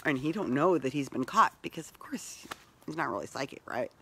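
A woman talks casually and rambles as she walks through her garden, filming herself on a phone. Her voice is bright and lively, rising and falling a lot. Faint outdoor ambience sits behind her. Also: low voice, a little fast, a little hiss or hum, rough recording. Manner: chatty, rambling, self-filming tour. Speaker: vlogger. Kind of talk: casual chat.

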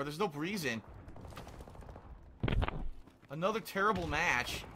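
A man's voice: sits high, very animated, moderate pace, long pauses, noisy background. A young man commentating his own gameplay, ranting and swearing in exasperation. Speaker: gaming commentator. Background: faint gunfire from the game.

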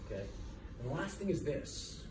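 In a college lecture hall, a middle-aged chiropractor gives business students an emphatic motivational lecture, repeating key words and firing rhetorical questions. His voice is on the high side with big pitch swings at normal speed, recorded from far off in the echoey hall with faint noise.

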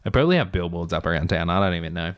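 Man voicing a cocky male bomber, rough, slangy, blunt. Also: deep voice, animated, rapid-fire, no room sound, clean studio sound, voice pushed down. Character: brash small-time male bomber, cocky.

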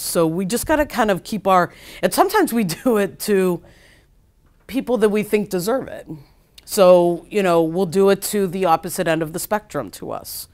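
A woman psychologist giving a keynote lecture in a casual, chatty way, often saying "like" and acting out quoted speech. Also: lowish voice. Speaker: keynote speaker.

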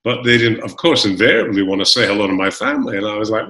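Scottish-born guy, middle-aged, bright voice, rambly storytelling with lots of "you know", echoey room. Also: fairly low pitch, quick pace. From Scotland. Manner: rambling, full of fillers and restarts, animated storytelling. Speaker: guest actor. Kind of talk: casual interview chat. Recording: roomy echo.

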